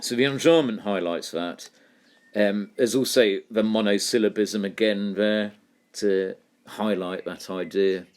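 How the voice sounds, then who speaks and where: A man teaching a poetry lesson, explaining terms and reading lines aloud slowly. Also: lowish voice, darkish tone.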